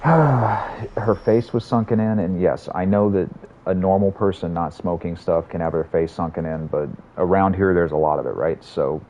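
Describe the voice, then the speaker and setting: A man's voice: deep voice, normal speed, dark tone. A man streaming a game, chatting casually and telling stories in a rambling, profane way. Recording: slightly muffled audio, faint room hum.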